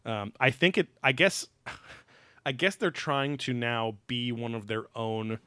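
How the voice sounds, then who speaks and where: A man's voice: mid-range voice, takes it slowly, pushed and bright, smooth, no room sound. A young man co-hosting a podcast in casual, profane chat, rambling and sarcastic as he picks apart a TV episode. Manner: rambling, sarcastic, swears a lot. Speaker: podcast co-host.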